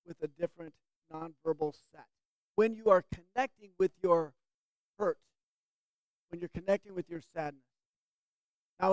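A woman's voice: fairly high pitch, no echo. A woman leading a Bible class, teaching the group and asking them questions to draw out answers.

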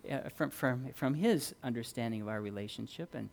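A middle-aged male pastor preaching a sermon, earnest and story-driven, moving between loud emphasis and quiet, low-key passages. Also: fairly quick, gravelly.

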